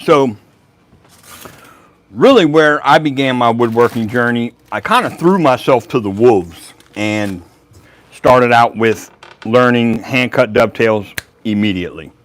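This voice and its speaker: Easygoing male woodworking host, unhurried rambling chat. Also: mid-range voice. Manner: laid-back, rambling, laughs often. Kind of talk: casual livestream chat.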